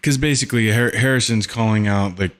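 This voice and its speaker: A man hosting a podcast, talking casually and haltingly, often searching for words. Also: fairly low pitch. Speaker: podcast host. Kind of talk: casual solo commentary.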